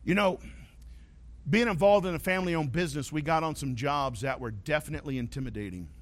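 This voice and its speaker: A male pastor preaching a sermon, telling stories with animated swings from loud points to quiet asides. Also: fairly high pitch, fairly quick.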